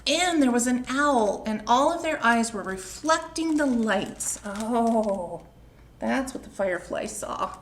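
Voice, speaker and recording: A woman reads a picture book aloud to small children at home, taking her time and speaking in a gentle, slightly high voice. She pauses often to ask the listeners questions. A faint hum sits behind her. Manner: gentle, slow and expressive, asking the listeners questions. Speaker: children's librarian reading aloud.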